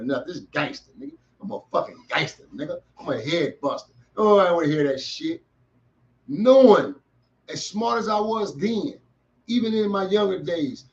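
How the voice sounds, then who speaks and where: A middle-aged podcast host with a voice on the high side, its highs cut off, gives young listeners an emphatic motivational talk delivered in heavy street slang.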